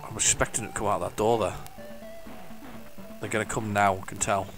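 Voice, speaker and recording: A man's voice: fairly low pitch, level tone, fairly quick. Chatty man commenting on gameplay. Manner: chatty and enthusiastic, rambling with many restarts; hums the game tunes along. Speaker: retro gaming video host. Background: faint retro game music.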